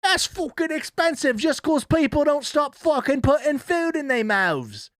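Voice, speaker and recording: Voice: big pitch swings, a little slow, a bit bright, dry recording, clean studio sound, heavily acted. A streamer putting on a British accent to mock a crude, indignant taxpayer who swears. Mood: sarcastic. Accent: British (put on). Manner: high, exaggerated, sarcastic mimicry with swearing.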